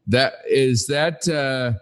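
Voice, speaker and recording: A man co-hosting a podcast in casual chat, unhurried and hesitant, with many fillers. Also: medium pitch, clean tone. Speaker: podcast co-host.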